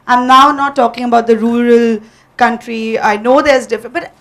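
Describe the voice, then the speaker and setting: A woman's voice: on the high side, steady tone, normal speed, fairly bright tone. A woman who hosts a television show, speaking earnestly and persuasively on a panel. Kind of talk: panel discussion.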